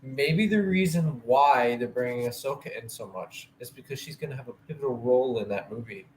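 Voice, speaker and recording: An upbeat male co-host chatting casually, his voice at an ordinary middle pitch. A faint background hiss sits under his voice. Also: brisk. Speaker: podcast co-host. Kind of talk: casual chat.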